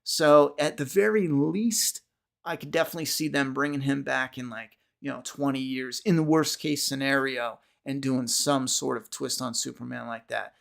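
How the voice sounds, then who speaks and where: A man's voice: medium pitch, fairly even intonation, normal speed, gravelly. A man hosting a podcast livestream, chatting casually with viewers, rambling with frequent restarts and casual swearing. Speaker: podcast host.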